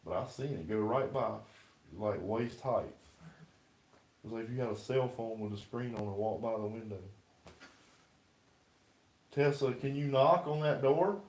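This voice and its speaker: A man's voice: medium pitch, moderate pace, pauses often, darkish tone. Man questioning a spirit. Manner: talks out to a spirit, questioning and insistent. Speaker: paranormal investigator and livestream host. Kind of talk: casual livestream ghost hunt. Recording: echoey room.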